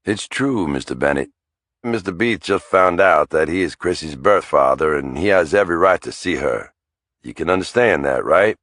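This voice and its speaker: Audiobook role: male narrator doing a pushy but affable middle-aged Southern lawyer, cultured and smooth, low and dry. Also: animated, normal speed, fairly bright tone, dry recording. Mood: insistent. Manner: polite and insistent.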